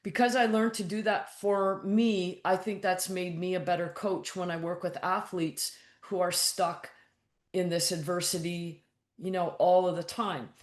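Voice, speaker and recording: A woman's voice: on the low side, little pitch movement, a little slow, reverberant. A woman guest coach speaking frankly and bluntly in a casual interview, acting out her own thoughts in quotes and swearing now and then. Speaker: guest, mental toughness coach.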